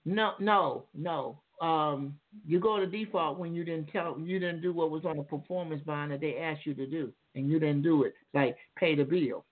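A man's voice: a little high, moderate pace, hardly any pauses. Man lecturing over a tinny phone line. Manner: lecturing, rambling with many restarts. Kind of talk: call-in radio explanation.

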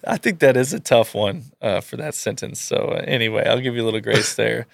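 A man's voice: medium pitch, brisk, gravelly, no echo, clean studio sound. A man co-hosting a podcast in casual chat, laid-back and teasing. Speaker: podcast co-host.

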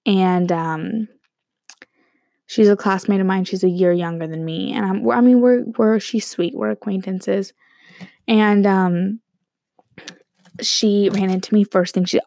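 Chatty young woman with vocal fry. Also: mid-range voice, fairly even intonation, a little slow, pauses often, mellow, no echo, studio quality. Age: young adult. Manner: chatty and rambling, many likes and ums. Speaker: podcast host. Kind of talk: solo casual podcast chat.

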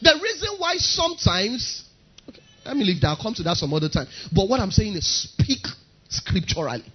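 A man's voice: high-pitched, big pitch swings, fairly quick, husky, muffled recording. A man preaching a sermon, emphatic and driving his points home by repeating key phrases.

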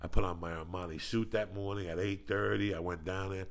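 With a low, steady voice and a brisk pace, a man hosts a podcast, casually chatting and recounting stories in a blunt, foul-mouthed way.

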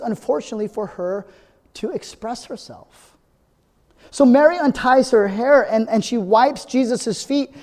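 Earnest preacher in a reverberant hall. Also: male voice, very high voice, warm tone. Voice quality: earnest, builds to emphatic repetition. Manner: conversational, frequent tag "right?". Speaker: pastor. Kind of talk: sermon.

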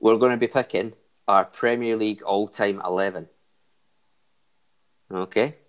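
A man's voice: fairly low pitch, fairly even intonation, unhurried. A man hosting a casual football chat, cracking pun-filled jokes and laughing at them. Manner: jokey, laughs at his own puns. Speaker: podcast host. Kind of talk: casual chat with joke segments.

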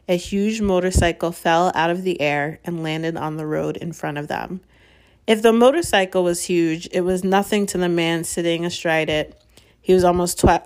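Woman, lowish voice, calm steady storybook narration. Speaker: reader. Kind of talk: audiobook reading.

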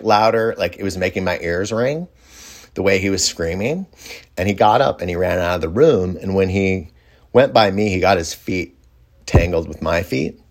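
Low-voiced man telling a rambling story. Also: moderate pace. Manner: rambling, reflective, with many fillers and restarts. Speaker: storyteller recounting a personal experience. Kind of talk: casual first-person storytelling.

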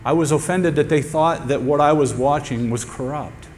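In a church sanctuary full of congregants, a man delivers an emphatic sermon, repeating key phrases for effect. His voice sits a little high, with a darkish tone and a normal speaking speed. Long hall reverb and a faint hum color the recording.

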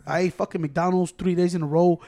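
High, quick-talking man. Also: steady tone, dark tone. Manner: profane, switches between English and Spanish mid-sentence. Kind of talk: casual chat.

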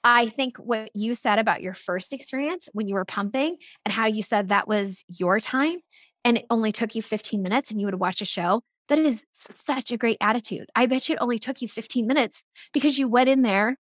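A woman in her thirties, a podcast guest, telling a personal story in an earnest, animated way and often saying "like". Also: a little high, fairly quick, dry recording. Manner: earnest and animated, frequent "like" fillers. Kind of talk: candid conversational storytelling.

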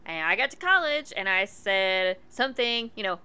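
A woman co-hosting a podcast, chatting casually and telling a story, animated and laughing often, swearing freely. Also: medium pitch, moderate pace, few pauses, smooth. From United States. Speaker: podcast co-host.

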